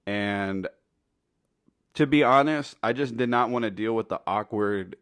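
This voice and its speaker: Man, lowish voice, dry close sound, casual comedic storytelling, rambling, profane. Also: unhurried, fairly bright tone, clear, resonant tone, no room sound. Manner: laid-back, profane, rambling. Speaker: storytelling commentator.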